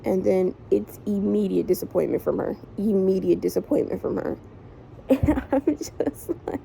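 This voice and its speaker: A woman's voice: mid-range voice, lively intonation, moderate pace, vocal fry, mellow, a little hiss or hum, poor audio. A young woman vlogging in a frustrated, emotional way, swearing often as she vents. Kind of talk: casual venting vlog.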